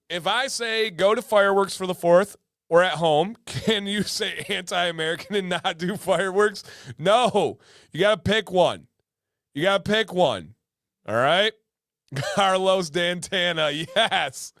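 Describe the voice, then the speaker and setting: A man's voice: sits high, moderate pace, a bit bright, no echo, clean studio sound. A man hosting a casual livestream, playful and joking, often repeating his lines for laughs. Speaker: livestream host.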